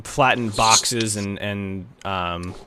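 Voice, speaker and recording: A man's voice: fairly low pitch, drawn-out words, pushed and bright, a little hiss or hum. A man narrating a tabletop game as game master, rambling with many fillers.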